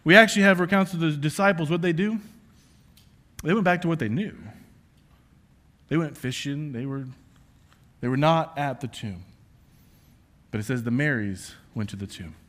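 Male pastor, sermon, bright forceful voice, slightly high, yells then drops to whispers. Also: normal speed, pauses often. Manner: swings from shouting to hushed whispers; self-confessed yeller, passionate and conversational.

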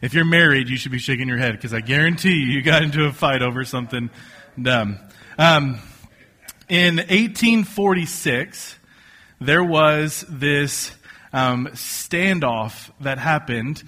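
A man preaching a casual, joking sermon to a congregation, telling stories with lively asides. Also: mid-range voice, measured pace. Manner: conversational, joking, animated storytelling. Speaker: pastor. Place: church stage before a congregation.

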